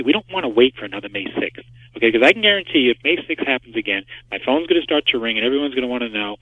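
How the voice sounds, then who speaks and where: A man's voice: mid-range voice, animated, racing, no echo. A man being interviewed by phone as a market expert, talking emphatically and driving his points home with rhetorical questions. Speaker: market structure expert guest. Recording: tinny phone line, dry.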